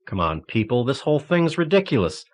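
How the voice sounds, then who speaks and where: A man's voice: mid-range voice, big pitch swings, brisk, pitched above the performer's own voice. A man reading the lines of a young priest, grim and sarcastic as he pushes back. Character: young male priest, cornered and defiant.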